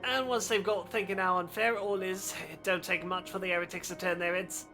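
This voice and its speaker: A woman reading aloud as a gruff, weary low-born male soldier in a video game, speaking in rough folksy speech. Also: fairly even intonation, fairly quick, over music, close to an everyday voice. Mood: blunt.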